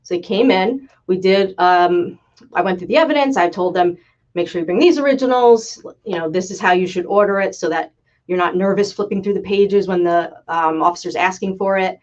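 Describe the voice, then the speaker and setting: A woman's voice: on the low side, fairly quick, muffled recording. Chatty woman attorney telling a story. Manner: chatty, animated, frequent "like" fillers and laughs. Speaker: immigration attorney. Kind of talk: casual live storytelling.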